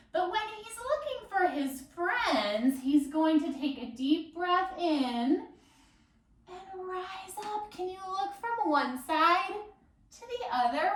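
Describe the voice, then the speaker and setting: A woman leading a children's yoga class with a story, playful and sing-song, doing animal sounds. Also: sits high. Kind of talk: guided kids' yoga with storytelling. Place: library room. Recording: roomy echo, voice from far off.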